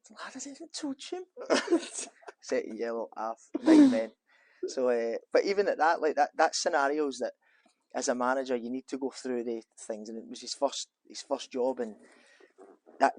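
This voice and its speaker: A man's voice: medium pitch, fairly even intonation, moderate pace, no room sound. A man, a former footballer being interviewed in an office, talking casually and rambling with many restarts and fillers.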